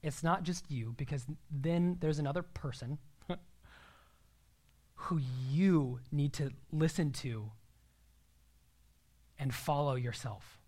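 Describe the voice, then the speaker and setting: A man's voice: fairly high pitch, takes it slowly, pauses often, a little mellow. A young man preaching a sermon in an earnest, emphatic way, sometimes dropping to a near-whisper.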